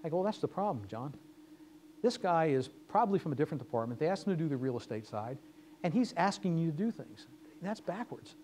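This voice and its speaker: Fast-talking man telling business stories. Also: a little high, very animated, dark tone, a little hiss or hum. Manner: storytelling, acting out quoted dialogue. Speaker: guest speaker. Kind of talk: lecture with anecdotes. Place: lecture hall.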